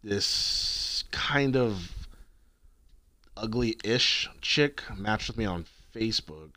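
Young male podcast co-host, bright voice, dry sound, crude storytelling with sudden high yelps. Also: animated, drawn-out words, dry recording. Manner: swearing, retelling texts, jumpy pitch. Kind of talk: crude casual chat.

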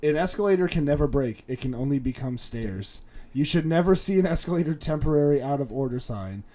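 A man's voice: on the high side, expressive, brisk, dark tone. A man in a casual chat telling jokes, opening with hesitant ums before delivering the punchline.

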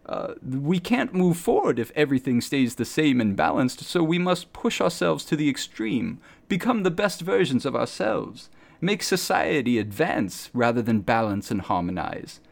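A man's voice: medium pitch, big pitch swings, moderate pace, gravelly. A man voicing a zealous male street preacher in white robes who lectures eagerly on his creed. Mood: preaching. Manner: eager, lecturing, grandly sermonizing.

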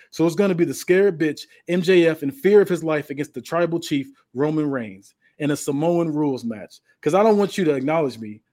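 Man playing a boastful, threatening wrestling champion, firm and slightly high. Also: a little mellow. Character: menacing male wrestling champion.

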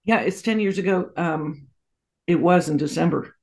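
A woman in her sixties recounting family memories in an interview. Her voice has a gravelly fry, and she tells stories with lots of asides and small laughs. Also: lowish voice, moderate pace. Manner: warm anecdotal storytelling with frequent laughs and asides. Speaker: guest. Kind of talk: storytelling interview.

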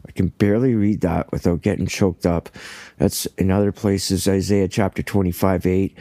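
A man gives a casual Bible teaching, reading scripture aloud and then explaining it with earnest enthusiasm. His voice sits low and mellow. The recording is dry and close, with no room sound. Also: steady tone, moderate pace, no echo. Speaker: preacher.

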